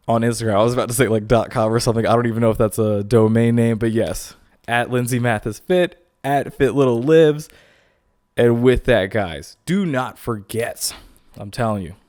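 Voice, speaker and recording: A young man hosting a podcast, talking casually in animated, incredulous, jokey rants to his listeners. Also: medium pitch, dry recording, clean studio sound. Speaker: podcast host.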